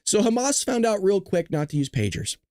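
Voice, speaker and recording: A male commentator on a live stream whose pitch bounces around animatedly as he jokes and laughs. His tone is sarcastic and teasing, and the sound is dry and close with little room around it. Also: big pitch swings, brisk, mellow, clear, resonant tone, no room sound. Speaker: host of a political commentary livestream. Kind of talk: casual live political commentary.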